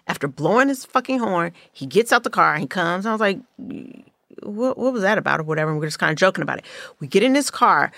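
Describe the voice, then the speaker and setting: A woman's voice: fairly low pitch, fairly bright tone, dry recording, clean studio sound. A middle-aged woman from the Bay Area hosting a podcast, telling personal stories in casual, candid, profane chat. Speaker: podcast host.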